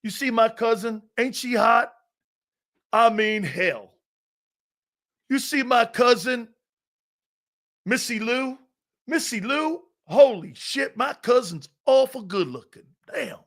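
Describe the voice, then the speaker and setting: A man putting on a leering older Texan figure, with a slow, folksy, exaggerated Texan drawl. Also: very high-pitched, expressive, gravelly, a bit bright, exaggerated voice. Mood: leering boast.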